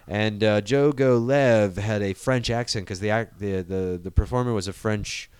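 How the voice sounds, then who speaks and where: A man in casual conversation, animated and profane, rambling freely from one point to the next. His voice is smooth and resonant, recorded dry and close. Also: on the low side, moderate pace, no room sound. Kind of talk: casual chat.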